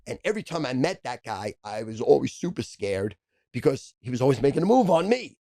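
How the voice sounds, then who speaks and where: A man's voice: medium pitch, sing-song, creaky, mellow, no room sound. A man, a podcast guest telling profane, brash stories in casual chat. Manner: brash, profane, rapid storyteller.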